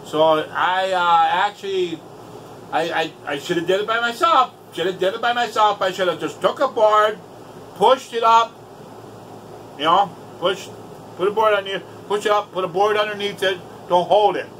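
High-voiced man, casual profane rant, exasperated storyteller. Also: normal speed, sharp tone, slight background noise, low-quality recording. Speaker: vlogger.

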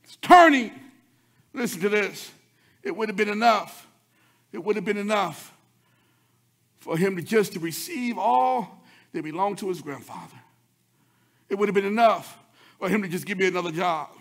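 A male pastor a sermon, swinging between loud chanted shouts and quick low murmurs. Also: animated.

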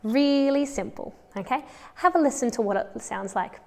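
Australian woman, music teacher, high voice, long reverb, faint background noise, encouraging. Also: moderate pace, creaky. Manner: encouraging, counts aloud in time. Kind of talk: children's music lesson.

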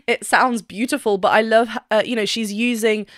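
A woman vocal coach talks through a performance she is reacting to, eager and full of praise, and often sings short phrases to show a technique. Her speaking voice sits a little high. The sound is close and dry, with no room around it. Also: steady tone, moderate pace, no echo. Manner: enthusiastic, demonstrates notes by singing snippets. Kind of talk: reaction video with vocal analysis.

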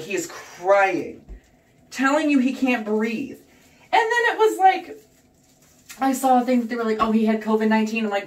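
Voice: medium pitch, far from the mic. A young adult vlogger talking casually and swearing heavily, ranting heatedly at home while dyeing their hair. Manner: profane, heated and animated ranting. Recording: roomy echo, voice away from the mic.

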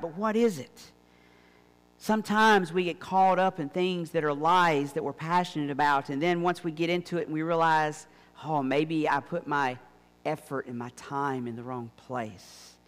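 A man's voice: fairly high pitch, clean tone. A man preaching a sermon to his church, with emphatic, rising phrases. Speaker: pastor. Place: church sanctuary. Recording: long reverb of a church hall.

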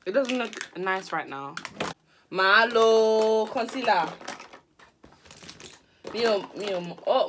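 A woman's voice: mid-range voice, pushed and bright, a little hiss or hum. A young woman, laughing often as she talks through a makeup tutorial in a casual vlog. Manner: giggly, mixes Yoruba and English. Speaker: vlogger.

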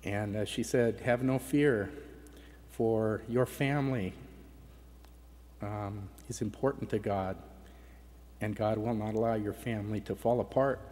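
With a lowish, darkish, steady voice, a middle-aged man delivers an emotional personal testimony at a conference, unhurried and with long pauses. His voice catches occasionally, and long reverb fills the large conference hall.

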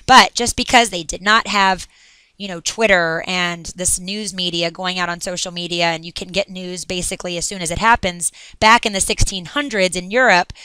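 Woman teacher recording a lesson, upbeat and chatty, with a smooth, crisp voice. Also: mid-range voice, sharp tone, no room sound.

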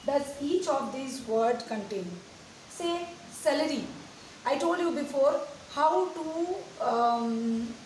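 A woman teacher giving a slow, deliberate lesson to young pupils, asking them many questions. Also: high voice. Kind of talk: recorded classroom lesson. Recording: echoey room, distant mic, faint hiss.

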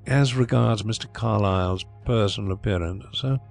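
A man's voice: lowish voice, moderate pace, vocal fry, a little mellow, soft background music. A man voicing a deferential, meticulous manservant in an audiobook, politely listing details. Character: deferential, precise male manservant.

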